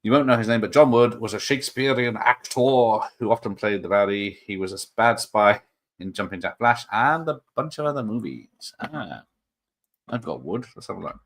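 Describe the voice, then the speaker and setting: Guy rambling on a live stream, slightly low voice, lots of ums and little laughs. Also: moderate pace. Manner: rambling, chuckling, with many fillers and restarts. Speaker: host of a live show. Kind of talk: casual live-stream chat, reading comments.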